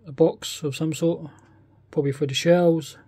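A man's voice: a little high, steady tone, moderate pace, mellow, husky, no echo. A man with a British accent, casually talking through a model kit unboxing, often hesitant and thinking aloud. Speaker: scale model kit reviewer.

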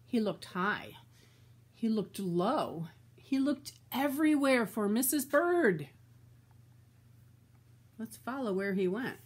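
An older woman reading a children's storybook aloud, slow and expressive, chatting about the story as she goes. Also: a little high, husky.

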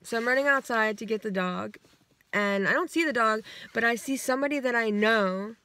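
A woman's voice: on the high side, a little fast, bright, forceful tone. A woman vlogger casually retelling a dream from inside her car, rambling, swearing freely and acting out the quotes. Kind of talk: casual storytelling.

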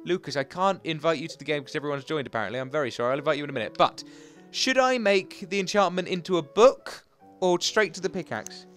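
A young man giving excitable, chatty, self-mocking commentary while playing a video game. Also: a little high, quick pace, hardly any pauses, soft background music. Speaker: gaming channel host. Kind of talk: Let's Play commentary.

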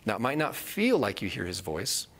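A man's voice: on the low side, wildly swooping pitch, moderate pace, a bit bright. A man teaching a live Bible study, earnest and repeating key phrases for emphasis.

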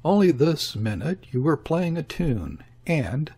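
Man voicing old Nelson, flustered and high. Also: big pitch swings, a little slow, mellow, slightly rough, exaggerated voice. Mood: bewildered. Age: older. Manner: flustered exclamations, raised pitch. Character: bewildered kindly old man, fussy and excitable.

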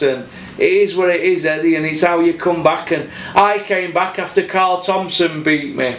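A man's voice: a little high, fairly even intonation, normal speed, echoey room, a little hiss or hum. A man from South Yorkshire with its accent, hosting a boxing channel and ranting bluntly with heavy swearing, repeating points for emphasis. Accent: South Yorkshire English. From Doncaster, South Yorkshire, England. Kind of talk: solo boxing opinion rant.

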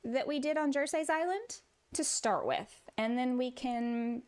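A woman's voice: high-pitched, a little slow, a little mellow, clean tone. A woman with a Southern US accent, streaming a building game and chatting casually with viewers while laughing often. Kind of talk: casual chat.

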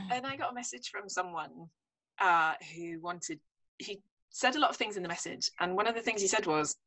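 A woman's voice: mid-range voice, animated, normal speed, pauses often, bright, forceful tone, rough recording. A middle-aged woman, a psychologist guest on a podcast, talking frankly and casually with a self-deprecating laugh. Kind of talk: casual conversational interview.

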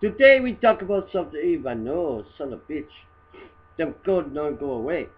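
A man doing a crude loudmouth. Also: fairly high pitch, lively intonation, moderate pace, narrow, tinny audio, slight background noise, lightly acted. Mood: mocking. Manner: crude, rambling, broken English. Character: crude, rambling immigrant guy mocking photos. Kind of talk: comedy satire monologue.

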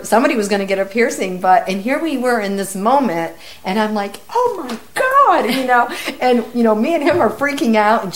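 Middle-aged woman medium, relaxed storyteller with a lowish voice who acts out the quotes. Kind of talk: casual storytelling.

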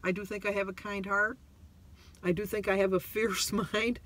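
A man's voice: sits high, level tone, moderate pace, sharp tone. A middle-aged man vlogging from a parked car, talking in a rambling, emotional, self-deprecating way with many restarts. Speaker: vlogger on a weight-loss journey. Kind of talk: casual vlog monologue.

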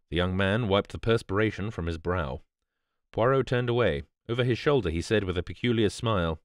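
A man narrating a bedtime audiobook in a calm, measured storytelling manner. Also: lowish voice, no room sound, clean studio sound.

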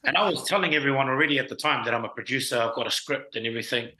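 A man's voice: mid-range voice, very fast, sharp tone. A man, a film writer and producer, telling his story in laid-back slang with many fillers as an interview guest. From New Zealand. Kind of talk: casual interview chat. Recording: roomy echo.

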